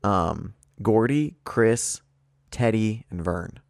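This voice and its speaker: A man co-hosting a podcast, running a movie quiz and teasing his friend with profane banter, reading clues out slowly. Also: on the low side, animated, gravelly, no echo, studio quality. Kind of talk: casual banter.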